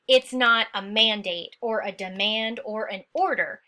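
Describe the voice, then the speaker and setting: A woman's voice: medium pitch, unhurried, bright, forceful tone. A woman teacher talking through an essay she wrote, explaining quotes and analysis and often checking in with "okay?". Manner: instructive, frequent "okay?" check-ins; stern about lazy writing. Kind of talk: essay walkthrough lesson.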